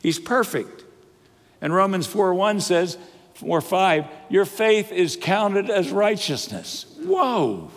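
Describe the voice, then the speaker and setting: An older man preaching a sermon as pastor, lively and humorous, asking the congregation questions and telling stories. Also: sits high, slow pace. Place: church sanctuary. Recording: long reverb of a large hall.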